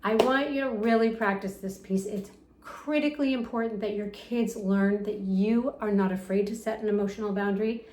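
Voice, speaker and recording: A middle-aged woman coaching parents in a gentle, soothing lesson, softly acting out the phrases she suggests. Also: mid-range voice, echoey room. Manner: gentle, soothing, acts out soft example phrases. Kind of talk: talking-head parenting lesson.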